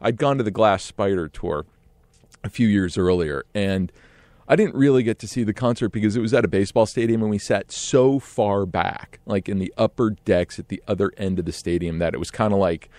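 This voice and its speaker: A middle-aged man telling a casual story in an animated way, often laughing and acting out what others said. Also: on the low side, brisk, no echo. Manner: animated, laughs often, acts out quoted voices.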